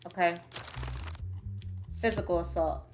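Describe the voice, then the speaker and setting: A woman's voice: lowish voice, steady tone, a little slow, faint music behind. A woman streaming gameplay, reading the game text aloud and chatting straight to her viewers. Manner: chatty, addresses viewers directly; reads game text aloud then reacts. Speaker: gaming streamer. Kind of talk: gameplay commentary.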